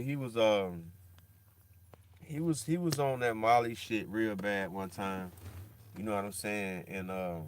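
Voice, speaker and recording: A man in a casual monologue, rambling in slang with lots of "bro" and "dog", swinging between loud animated bursts and a low somber mutter. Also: a little hiss or hum.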